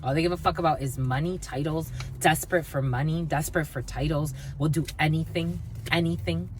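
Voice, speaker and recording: A woman's voice: low-pitched, steady tone, a little fast, a little hiss or hum. A woman giving a blunt, profane tarot reading to her viewers, scolding and swearing freely. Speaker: tarot reader. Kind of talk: spiritual reading monologue.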